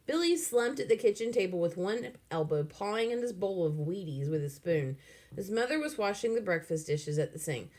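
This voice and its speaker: A woman narrating a children's novel aloud in an expressive, animated way. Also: medium pitch, moderate pace.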